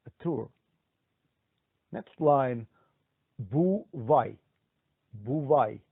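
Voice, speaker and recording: A man teaching a language lesson, saying each word slowly and then prompting the learner to repeat it. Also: mid-range voice, gravelly, slightly rough, dry recording. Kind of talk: slow-paced language lesson drills. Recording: dry, tinny phone-like sound.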